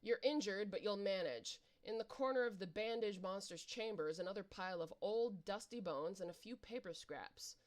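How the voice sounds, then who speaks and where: A playful woman reading a webcomic adventure aloud, calling out the dice rolls and narrating the fights. Her delivery is animated and informal, and her voice sits in the ordinary middle range for a woman. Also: medium pitch, normal speed, hardly any pauses. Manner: animated, playful, reacting with laughs. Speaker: reader and narrator.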